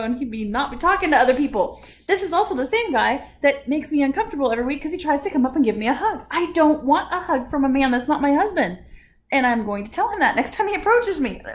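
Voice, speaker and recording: A woman vlogging at home, telling an indignant story in a casual, animated way while doing her hair, often laughing. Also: sits high. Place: at home after a shower. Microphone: camera at close range.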